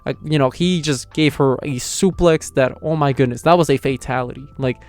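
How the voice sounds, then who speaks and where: A young man excitedly recapping an anime episode in slangy, casual talk. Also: medium pitch, moderate pace. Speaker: anime reviewer.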